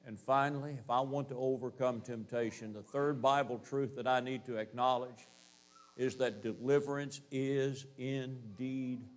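A man preaching a sermon, emphatic, slowing down to stress key phrases and repeating his points in lists. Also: medium pitch, steady tone.

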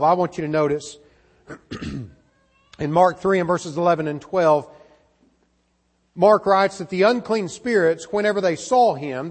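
High-voiced man preaching in a hall. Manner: earnest, frequent word repeats and restarts. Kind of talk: sermon. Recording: long reverb of a large hall.

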